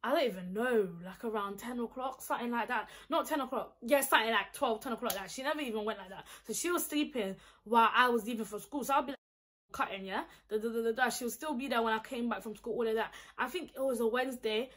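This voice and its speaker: A young woman with a London accent, telling a storytime vlog in an animated, indignant, slang-heavy way. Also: a little high, fast talker. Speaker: vlogger.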